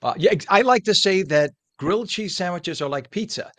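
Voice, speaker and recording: A man's voice: high voice, animated, brisk, fairly bright tone. A man hosting a live TV morning show interview, chatty and joking, eating food on air.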